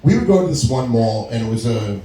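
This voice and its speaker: Telling long stories on stage at a small venue, this middle-aged male comic speaks a little fast in a mellow, animated, medium-pitched voice. He keeps laughing at his own material and performing quoted lines, captured in an echoey room.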